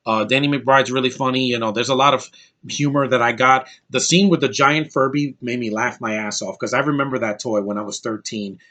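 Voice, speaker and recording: A man's voice: medium pitch, fairly even intonation, a little fast, pushed and bright. Casual male reviewer in his thirties, rambling and blunt, swears freely, ordinary mid-range voice. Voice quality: rambling, blunt and profane, with frequent restarts. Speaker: movie reviewer. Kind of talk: casual spoken movie review.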